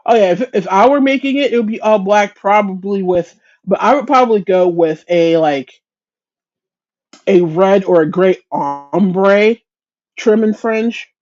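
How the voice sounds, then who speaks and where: A woman's voice: medium pitch, unhurried, a little mellow, muffled recording. Chatty woman hosting a crochet livestream. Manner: chatty and self-deprecating, greets viewers by name; frequent restarts and stumbles. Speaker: livestream host of a crochet chat. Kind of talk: casual livestream chat.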